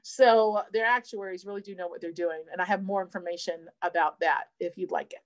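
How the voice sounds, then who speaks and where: A woman's voice: fairly low pitch, fairly quick. A middle-aged woman, an insurance advisor giving a seminar talk and telling a family story in a chatty way. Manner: chatty storyteller, quotes family in lively voices.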